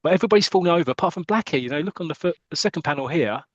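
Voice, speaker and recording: A man co-hosting a podcast, casually retelling a football comic story and breaking into excited commentary. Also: on the high side, racing, no room sound, highs cut off. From United Kingdom. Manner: animated, jumps into excited commentary voice. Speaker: podcast co-host.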